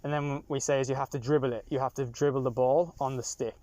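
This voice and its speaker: A young Irish man in his twenties, a taxi passenger explaining things in relaxed casual chat, with many fillers and restarts. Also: mid-range voice, fast. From Ireland. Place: inside a taxi.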